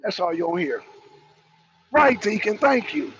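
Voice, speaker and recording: A man giving heated commentary on a talk show, ranting in a loud, profane, mocking way. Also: sits high, big pitch swings, normal speed, a little hiss or hum. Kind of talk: heated live-stream commentary. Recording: dull, dry lo-fi sound.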